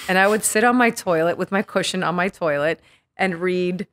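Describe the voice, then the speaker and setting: Animated, cursing New woman telling stories. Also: lowish voice, normal speed. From Queens, New York. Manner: animated, profane, acts out quotes. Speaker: podcast guest. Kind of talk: casual storytelling interview.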